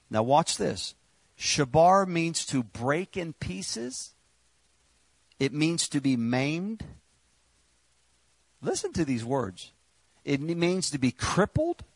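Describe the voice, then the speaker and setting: A man's voice: mid-range voice, vocal fry, breathy edge, dry recording. A man preaching a sermon in a conversational way, with joking asides and stumbling restarts. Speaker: pastor.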